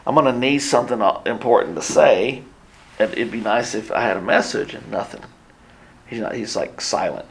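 A male pastor telling a story in a sermon, acting out the people he quotes. His mid-range voice swings between loud bursts and hushed, almost whispered asides. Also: mid-range voice. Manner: animated, acts out quoted voices, drops to near whispers.

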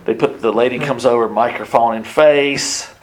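A man's voice: mid-range voice, normal speed. A man preaching a sermon, telling a story with acted-out quotes and sudden drops to near whispers. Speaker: pastor.

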